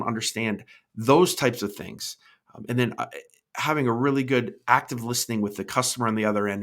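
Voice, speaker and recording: A man's voice: medium pitch, a bit bright. A middle-aged man hosting a podcast, talking through his ideas off the cuff, often restarting his words and tagging points with "right?" as he answers live comments. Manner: thinking aloud, repeats words, tags points with "right?". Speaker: podcast host.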